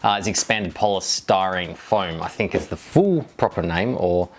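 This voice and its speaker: A middle-aged man with a deep voice and moderate pace makes a casual DIY video, reading out viewer comments. His manner is rambling and jokey, full of wry asides.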